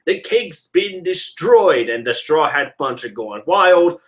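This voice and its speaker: A man's voice: a little high, big pitch swings, takes it slowly. A man reading a scheming male villain's lines in close to his own voice. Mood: scornful. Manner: plain reading of a character's lines.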